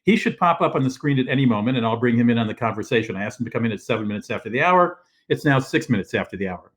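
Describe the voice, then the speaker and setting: Over a video call from his living room, an older man hosts a casual show, rambling with lots of fillers and restarts in casual live-stream talk. His voice sits in the mid-range with a fairly bright tone, lively intonation and a racing pace.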